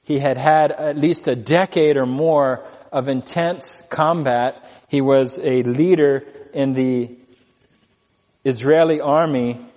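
Deliberate preacher with hall reverb. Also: male voice, medium pitch, fairly even intonation, darkish tone. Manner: slow, deliberate reading of scripture with emphatic pauses. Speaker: pastor. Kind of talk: expository sermon.

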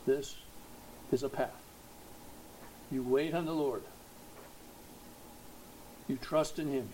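A man preaching a sermon, slow and emphatic, rising to loud exhortation at its peaks. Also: mid-range voice, fairly even intonation, slight background noise, rough recording.

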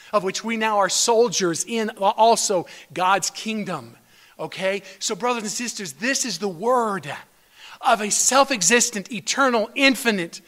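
A man's voice: high voice, sharp tone. A man preaching a sermon as pastor, earnest, restarting phrases and building to emphatic peaks. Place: church sanctuary. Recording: long hall reverb.

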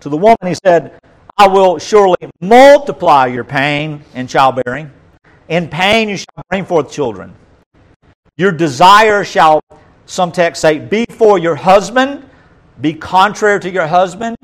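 A male pastor preaching a sermon, reading scripture aloud with dramatic emphasis and dropping to quiet asides. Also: high voice, expressive, a little slow, low-quality recording.

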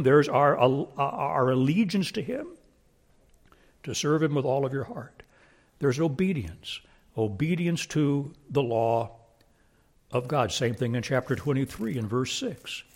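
Man, preacher, sermon, husky voice, emphatic, repeats phrases, loud-to-hushed swings. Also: medium pitch.

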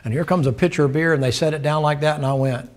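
A man's voice: a little high, steady tone, quick pace. An older man preaching a sermon, telling a folksy story, laughing and acting out the dialogue.

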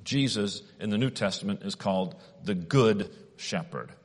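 A man preaching a sermon at an unhurried, deliberate pace, with some restarts. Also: on the low side, expressive, husky, big-room sound.

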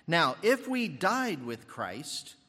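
Older male pastor, lively and bright-voiced, sermon with fillers, long church reverb. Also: fairly high pitch, takes it slowly, breathy edge. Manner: animated, thinking aloud with fillers and restarts.

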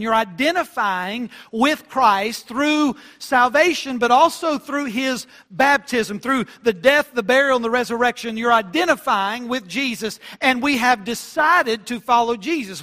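A man preaching a sermon in church, emphatic and surging loud on key phrases, stretching out quoted scripture slowly. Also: very high voice. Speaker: pastor.

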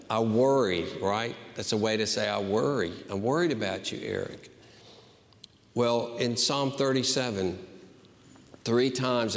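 Slow, earnest preacher man in a reverberant hall. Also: lowish voice. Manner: earnest, emphatic, slow and deliberate. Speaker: pastor. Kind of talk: sermon.

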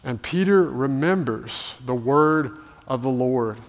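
A man's voice: mid-range voice, expressive, slow. A male pastor delivering a sermon, asking rhetorical questions and building to emphatic peaks. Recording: long hall reverb.

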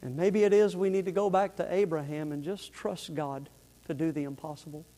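High-voiced preacher in a reverberant church. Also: male voice, a little fast. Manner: animated, rising to near-shouting in the story, dropping soft and earnest for the appeal. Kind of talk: sermon with storytelling. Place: church sanctuary. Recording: long hall reverb.

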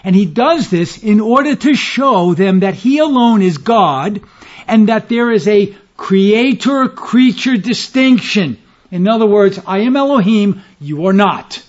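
A high-pitched man delivers an expository sermon, reading scripture in old formal wording and pressing hard on each key point. The recording is muffled and lo-fi, with the top end dulled. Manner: expository teaching, quoting scripture in formal King James phrasing; emphatic, stressing key words. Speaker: preacher.

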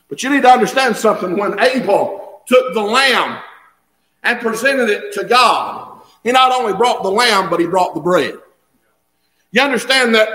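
A male preacher, delivering an impassioned sermon that swells into shouts, recorded in a church. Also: extremely high pitch. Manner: impassioned, rising to shouts, dialect grammar. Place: church sanctuary. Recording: echoey long-reverb church hall.

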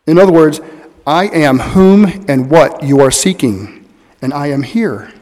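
A man preaching a sermon as pastor, earnest, stressing key words slowly and with weight. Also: a little high, lively intonation, a little mellow. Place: church sanctuary. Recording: long hall reverb.

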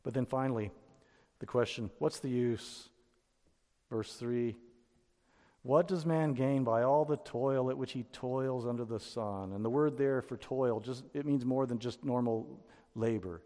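A man's voice: mid-range voice, measured pace, dark tone. A man teaching a Bible lesson in sermon style, explaining step by step with frequent restarts. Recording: long reverb of a hall.

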